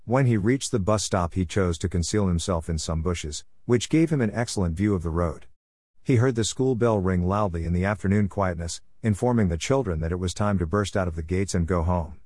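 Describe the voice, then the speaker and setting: A man narrating a story in a measured, even way. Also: low-pitched, no echo, clean studio sound.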